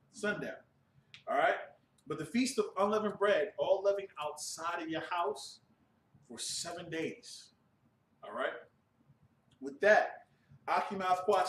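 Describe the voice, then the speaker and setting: A man's voice: high-pitched, fairly bright tone, a little hiss or hum. A man preaching and giving announcements to a religious class, emphatic and often checking that listeners understand. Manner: emphatic, repeats "you understand". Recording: echoey room from a distant mic.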